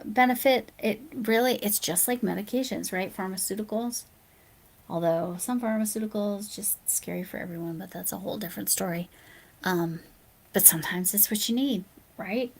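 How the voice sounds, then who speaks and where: A sleepy woman talks casually through a late-night livestream, reading out viewer comments and answering them. Her voice has a gravelly, fried edge, and she often slips into a soft near-whisper. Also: mid-range voice, moderate pace. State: sleepy, yawning. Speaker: live streamer.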